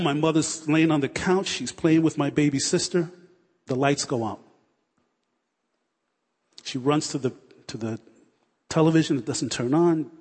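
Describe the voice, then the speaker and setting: A man in his forties preaches with rising fervor, circling back on phrases as he builds to prayer. His voice sits a touch high and has a husky edge. It rings out with a long reverb, as in a church hall. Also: darkish tone. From United States. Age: 40s. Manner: fervent, repetitive, building to prayer. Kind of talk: sermon.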